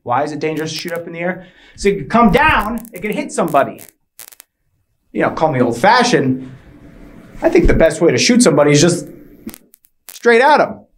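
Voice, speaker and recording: A man doing a stand-up routine, rambling and hesitant and full of restarts, playing it deliberately awkward. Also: a little high, very animated. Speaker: stand-up comedian.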